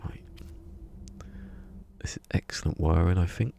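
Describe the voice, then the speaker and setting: A man's voice: low-pitched, measured pace, gravelly, mellow, whispered. A man, chatting casually on a game live stream and muttering to himself as he tinkers. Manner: rambling, mutters to himself while he works. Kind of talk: casual live-stream chat while playing.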